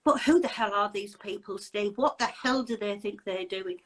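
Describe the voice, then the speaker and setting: A woman's voice: medium pitch, moderate pace, fairly bright tone, poor audio. A woman hosting a casual interview chat, talking in an indignant, emphatic way with many rhetorical questions. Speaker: host.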